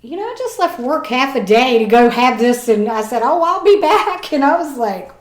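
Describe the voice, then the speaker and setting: A woman in her forties telling a personal story as a podcast guest, lively and acting out the people she quotes. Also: on the high side, moderate pace. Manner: animated, acts out voices in her story. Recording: echoey room.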